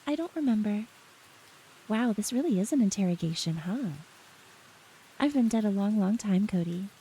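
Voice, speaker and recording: A woman streamer chatting softly and giggling often as she greets her chat, close to the mic with faint rain behind. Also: mid-range voice, lively intonation, normal speed, slight background noise, low-quality recording. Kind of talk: soft-spoken live-stream chat. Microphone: close ASMR microphone.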